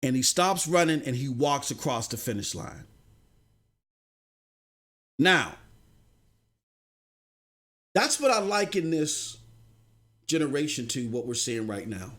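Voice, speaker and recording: A man hosting a gaming news live stream, ranting casually with slang, swinging from low muttering to shouting. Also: big pitch swings, slow, long pauses.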